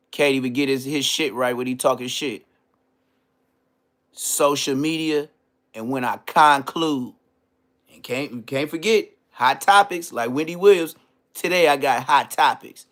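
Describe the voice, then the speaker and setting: A man hosting a podcast, delivering a comedic roast rant full of slang and mocking jabs, swinging between loud outbursts and low muttered asides. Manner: trash-talking, heavy slang, mocking. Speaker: podcast host.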